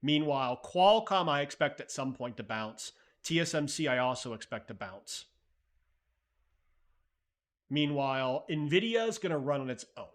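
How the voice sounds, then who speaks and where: Hosting a live stream, a man chats loosely and thinks out loud while responding to viewer messages, swearing casually. His voice is medium-pitched and sing-song at a normal speed.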